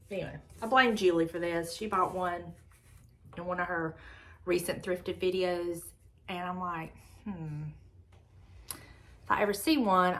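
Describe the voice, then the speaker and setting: A middle-aged woman with a Southern American accent, chatting casually to camera in an excitable, drawn-out way. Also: on the low side. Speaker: lifestyle vlogger.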